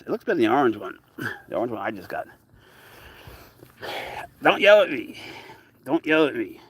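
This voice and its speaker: Gravelly, chatty man narrating his cat. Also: dry recording. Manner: chatty, rambling asides, coos at his cat in a high voice. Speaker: cat owner and channel host. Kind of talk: casual livestream chat to viewers.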